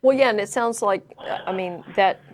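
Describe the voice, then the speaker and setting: A woman's voice: medium pitch, normal speed, a little hiss or hum. A woman co-hosting a call-in talk show, agreeing often and adding her points in a casual way. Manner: agreeable, lots of "yeah". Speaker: co-host.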